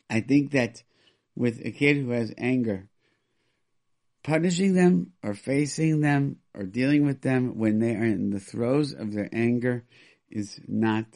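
Male radio advice host. His voice is gravelly and full of fry, and he talks with emphasis. He acts out quoted parents as he explains. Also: medium pitch, a little mellow. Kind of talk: call-in radio advice talk.

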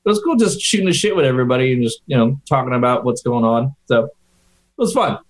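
A man's voice: medium pitch, lively intonation, fast. A man on a phone call chatting casually and mocking himself, with lots of fillers. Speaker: podcast co-host. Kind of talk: casual chat. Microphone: phone on an internet call.

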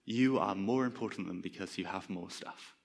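A man preaching a sermon in a relaxed, conversational way, joking with his congregation. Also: low-pitched, normal speed, gravelly. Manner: conversational, self-deprecating humour. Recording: long reverb of a large hall.

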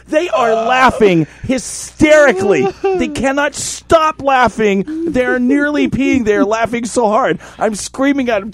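A man with a notably high voice tells a story on a podcast, animated and full of swearing. His delivery is casual and lively. The recording is dry and close, with no room sound. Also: a little slow, few pauses, no room sound. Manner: animated, profane, acts out voices in quotes. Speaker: podcast host telling a story.

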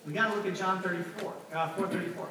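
A man's voice: high-pitched, fairly even intonation, fast talker, noisy background. A middle-aged man preaching a conversational sermon to a congregation and asking the room for responses. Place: church hall with congregation. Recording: echoey church hall from far off.

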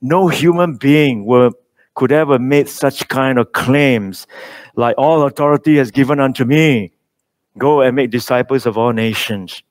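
Delivering a sermon, this mid-range-voiced man reads scripture at a slow, emphatic pace, though his phrasing has minor slips.

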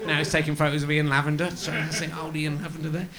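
A man hosting a live comedy show on a club stage, excitable and loud, introducing a guest. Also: a little high, quick pace. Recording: live club with crowd noise.

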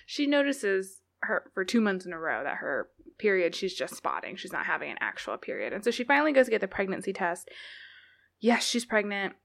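A woman co-hosts a casual book podcast and walks through the plot. Her pitch moves up and down a lot. She is animated and quick to laugh. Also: gravelly. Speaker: podcast co-host. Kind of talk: casual book-discussion chat.

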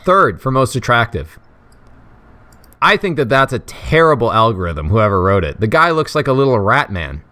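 A man's voice: medium pitch, big pitch swings, moderate pace, sharp tone. A man co-hosting a podcast, chatting casually and jokingly with lots of fillers and restarts. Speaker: podcast co-host. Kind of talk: casual chat about fantasy football.

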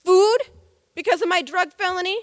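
A woman's voice: very high voice, normal speed, dry recording, studio quality, long reverb tail, voice pushed up. A woman voicing a desperate young man with a felony record, insistent and repeating himself. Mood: angry.

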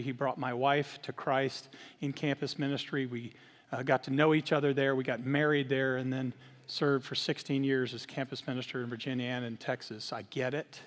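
A middle-aged man, the lead minister, giving a sermon that mixes Bible reading with lively family stories. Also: mid-range voice. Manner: animated when telling stories, earnest in prayer. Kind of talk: sermon with storytelling. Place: church sanctuary. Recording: long hall reverb.

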